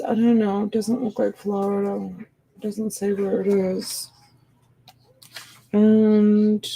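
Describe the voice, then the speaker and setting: A woman's voice: mid-range voice, warm tone, poor audio. A woman hosting a live-stream sale, chatting casually and rambling as she comments, sleepy and yawning.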